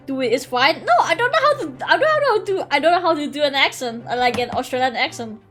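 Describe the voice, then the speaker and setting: A woman's voice: sits high, very animated, quick pace, few pauses, fairly bright tone, faint music behind. A young woman streaming a courtroom video game, chatting casually, giggling, swearing and rambling as she corrects herself. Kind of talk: casual livestream commentary.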